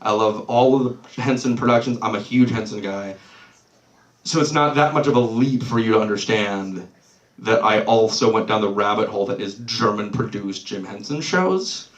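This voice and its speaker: A stand-up comedian performs live on a small comedy club stage, his mid-range voice caught by a distant mic. He's loose and swearing, loses his place, and laughs it off, all in the roomy, off-mic sound of the club.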